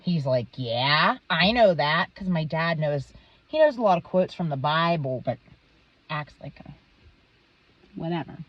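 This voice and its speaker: A woman's voice: low-pitched, animated, moderate pace, pauses often, dry recording. Heated, foul-mouthed woman ranting. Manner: heated, swears constantly. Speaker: vlogger. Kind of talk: profane ranting monologue. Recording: dull, dry lo-fi recording.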